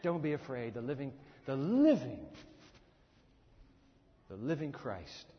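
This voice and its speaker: A man preaching a sermon, dramatic, acting out the scripture characters in lively bursts. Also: medium pitch, slow. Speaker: pastor. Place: church sanctuary. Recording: muffled hall recording with long reverb.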